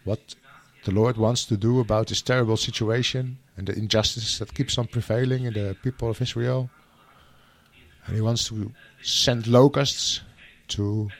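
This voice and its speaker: Unhurried preacher with a mid-pitched voice. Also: male voice. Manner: unhurried, with frequent "you know" and restarts. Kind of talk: sermon with scripture reading.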